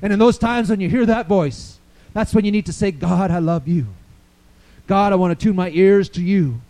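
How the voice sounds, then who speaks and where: A man preaching a sermon, swinging from quiet storytelling to loud, fervent declarations. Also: sits high, normal speed, low-quality recording.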